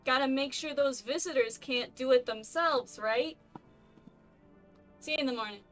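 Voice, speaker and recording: A friendly, folksy neighbor man from a video game, played by a woman, in a put-on accent that is almost Boston but not quite. He talks in a loud, chummy way, and the voice sits a little high. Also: normal speed, soft background music. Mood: reassuring. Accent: vague put-on Boston-like accent. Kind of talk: game voice acting.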